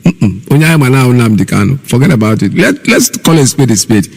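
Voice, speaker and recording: A man's voice: medium pitch, animated, quick pace, creaky, a little mellow, slightly rough, big-room sound. A man with a Nigerian accent hosting live online radio, scolding and mocking as he talks straight at his listeners. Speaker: radio host.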